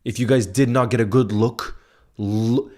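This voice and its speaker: A young man streams a live football watchalong in a mid-range voice. He chats loosely with his viewers, calling them bro, then erupts into loud, high shouting at a goal. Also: fairly even intonation, a little slow. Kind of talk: live watchalong commentary and chat.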